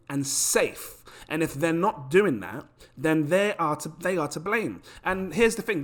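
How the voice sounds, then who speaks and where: Animated, bright-voiced man chatting to camera. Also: a little high. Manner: animated, chatty, rhetorical questions. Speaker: crypto YouTuber. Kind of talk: casual to-camera talk.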